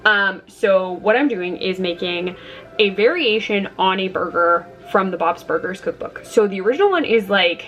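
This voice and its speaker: A chatty woman vlogging from her home kitchen at a middle pitch. She talks casually to the camera and jumps up into excited squeals when something delights her, and faint music plays underneath. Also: moderate pace, muffled recording.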